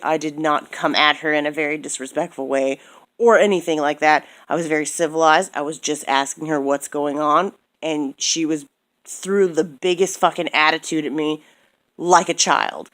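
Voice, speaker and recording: Low-voiced woman ranting angrily. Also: fairly even intonation, normal speed. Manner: heated, profane, repeats herself. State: tired. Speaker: vlogger. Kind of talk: angry personal rant.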